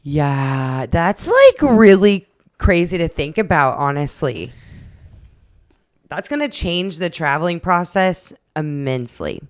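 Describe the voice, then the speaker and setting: A woman's voice: sits low, very animated, takes it slowly, a little mellow. A woman co-hosting a podcast in easy, casual chat. She laughs a lot and chimes in to agree. The sound is dry and close, with no room echo. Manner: laughs often, agreeable backchannels. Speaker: podcast co-host.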